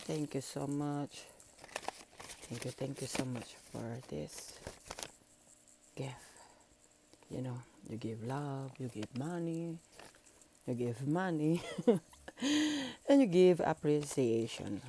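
A woman's voice: extremely low pitch, dark tone. A woman vlogger chatting casually while unboxing gifts, gushing and emotional, laughing often. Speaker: channel founder.

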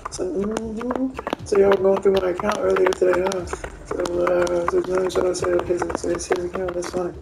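A woman giving casual, animated gameplay commentary, swearing freely and retelling what her teammates say. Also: on the low side, moderate pace, creaky, heavy background noise. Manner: animated, profane, retells teammates' reactions with laughter. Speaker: gamer streaming gameplay.

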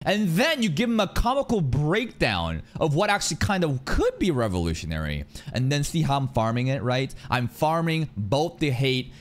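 A man giving casual reaction commentary into a studio dynamic mic, animated and profane, often jumping into high mocking voices. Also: moderate pace, hardly any pauses. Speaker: reaction streamer.

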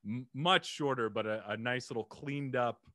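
A man's voice: medium pitch, moderate pace, sharp tone, dry recording, studio quality. A man in his thirties hosting a podcast interview, casual and playful, laughing often and joking about himself. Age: 30s. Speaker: podcast host.

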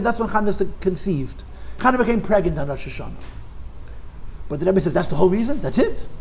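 A man teaching a conversational Torah class, emphatic, asking rhetorical questions and repeating words as he rephrases. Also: high voice.

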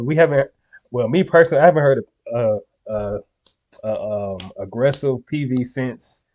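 A man's voice: medium pitch, warm tone. A young man hosting a reaction video, talking casually and loosely to his viewers in slang, often checking in with "you feel me.". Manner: laid-back slangy talk to viewers, frequent "you feel me".

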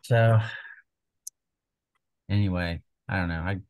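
Earnest low-voiced man leading Bible study. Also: slow pace, darkish tone, rough recording. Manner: earnest, conversational, retells scripture.

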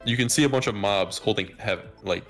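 A man giving casual let's-play commentary, excitable and repeating himself when startled. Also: fairly low pitch, brisk. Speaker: gamer. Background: game music.

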